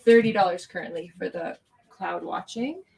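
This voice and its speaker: A woman hosting a live-streamed art auction, chatty and quick to laugh, calling bids and prices. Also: on the low side, gravelly, darkish tone, breathy edge, low-quality recording.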